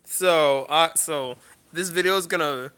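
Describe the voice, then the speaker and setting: A man talking off the cuff in a list vlog, halting and earnest, pausing often and restarting his sentences with frequent apologies. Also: a little high, pushed and bright, smooth. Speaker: vlogger.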